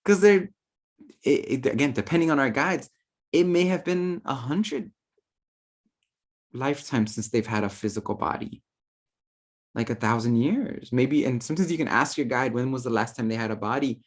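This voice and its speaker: A man's voice: mid-range voice, moderate pace. A man giving a casual, playful talk on spirit guides, full of slang, fillers and quoted asides. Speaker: spiritual teacher.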